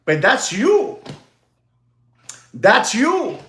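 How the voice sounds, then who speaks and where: Man, high voice, emphatic repetitive rant, roomy echo. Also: wildly swooping pitch, drawn-out words, a bit bright. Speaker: watch dealer. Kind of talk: vlog rant.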